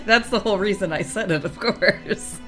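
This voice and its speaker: A woman co-hosting a podcast, giving quick reactive comments and laughing often. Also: medium pitch, fairly bright tone, soft background music. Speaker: podcast co-host. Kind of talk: casual chat.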